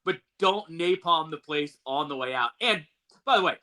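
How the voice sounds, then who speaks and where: A man co-hosting a sports talk podcast, emphatic and joking as he gets riled up. His voice is very bright and sharp and sits a little high for a man. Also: lively intonation, moderate pace. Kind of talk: casual sports chat.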